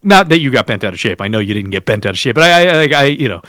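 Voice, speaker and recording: A man's voice: mid-range voice, expressive, racing, a bit bright, dry recording, clean studio sound. A man from the Northeast US co-hosting a podcast, talking casually in a rambling, self-mocking way and swearing freely. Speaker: podcast co-host. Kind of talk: casual chat.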